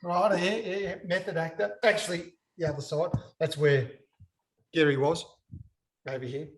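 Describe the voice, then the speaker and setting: A man's voice: a little high, normal speed. A man with an Australian accent, a guest and former footballer, telling an anecdote with props and acting out the scenes as he goes. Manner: lively storyteller, re-enacting scenes. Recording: roomy echo.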